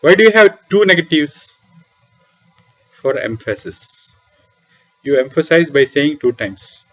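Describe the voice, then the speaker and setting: A man's voice: fairly high pitch, very animated, a little slow, soft background music. Man lecturing, dull lo-fi recording. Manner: poses questions and answers them himself, repeats key terms. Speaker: lecturer on Vedic philosophy. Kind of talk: classroom lecture explaining scripture. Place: small room beside a temple library.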